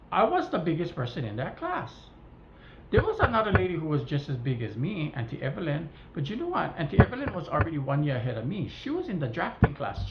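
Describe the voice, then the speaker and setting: A woman from Hawaii with a Hawaiian Pidgin-tinged accent, vlogging a casual rant to her viewers and acting out the dialogue as she tells the story. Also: low voice. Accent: Hawaiian Pidgin-tinged English. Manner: animated storytelling, acts out dialogue. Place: home kitchen. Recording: roomy, slightly dull, faint hiss.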